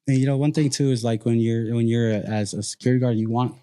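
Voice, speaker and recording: A man's voice: mid-range voice, fairly even intonation, quick pace, mellow, clean tone. A man working as a nightclub security guard, chatting casually, laid-back, laughing often and swearing freely. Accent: Californian. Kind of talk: casual chat.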